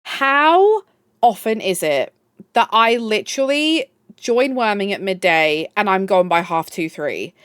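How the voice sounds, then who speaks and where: A woman's voice: mid-range voice, lively intonation, measured pace, fairly bright tone, smooth, no echo, studio quality. A young woman streaming live, chatting casually and gushing at her chat. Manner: gushing, chatty, swears, reads chat aloud.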